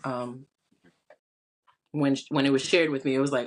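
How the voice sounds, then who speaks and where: A woman's voice: very deep voice, fairly even intonation, normal speed. A woman co-hosting a podcast in casual chat, hedging her opinions with frequent restarts and fillers. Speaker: podcast co-host.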